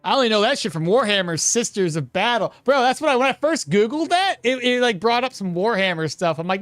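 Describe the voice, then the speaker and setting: A game streamer giving casual live gameplay commentary, animated and laughing, often trailing off and restarting mid-sentence. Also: medium pitch, fairly quick, few pauses, no echo.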